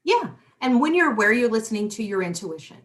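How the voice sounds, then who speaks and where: A woman in casual spiritual chat, animated and repeating herself as she talks. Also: a little high. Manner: animated, repeats words, quick asides; former police worker talking spiritual tools.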